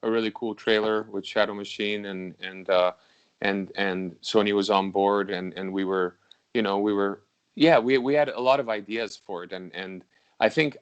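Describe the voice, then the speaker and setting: A musician hosting a casual talk, a man with a somewhat low voice. He reminisces in a relaxed, unhurried way and swears casually. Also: smooth, highs cut off. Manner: relaxed, reminiscing, loose and profane. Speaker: musician and host. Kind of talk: casual conversation.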